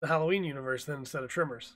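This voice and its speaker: A man's voice: on the high side, racing, fairly bright tone. A man co-hosting a casual podcast chat, joking and teasing his co-hosts. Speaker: podcast co-host.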